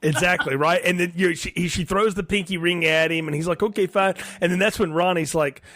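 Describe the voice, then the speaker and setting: A man's voice: high voice, steady tone, brisk, fairly bright tone, no echo, studio quality. A man co-hosting a film podcast in casual chat, enthusiastic and quoting characters. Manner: conversational, enthusiastic, quotes characters. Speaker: podcast co-host.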